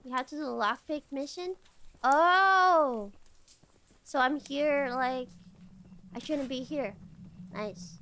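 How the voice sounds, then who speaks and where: A woman streaming a game, with excitable, playful commentary, humming and repeating words in sing-song. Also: sits high, slow, pauses often, slight background noise. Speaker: VTuber streamer. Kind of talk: casual gameplay commentary.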